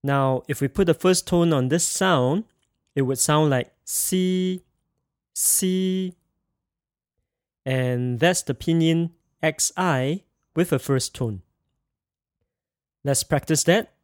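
A man's voice: a little high, takes it slowly, studio quality. A man teaching a pinyin pronunciation lesson, speaking carefully and repeating sounds for students to echo. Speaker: language teacher.

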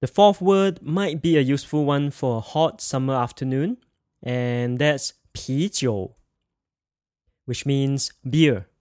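Slow, careful male language teacher. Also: mid-range voice, a little mellow, no room sound, clean studio sound. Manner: slow, careful enunciation with drilled repetitions. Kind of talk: recorded pronunciation lesson.

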